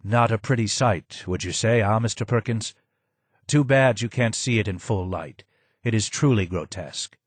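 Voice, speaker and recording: Brief: hoarse, broken old former advisor, voiced by a male narrator; low, slow, heavy with sadness. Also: no room sound. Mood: grim.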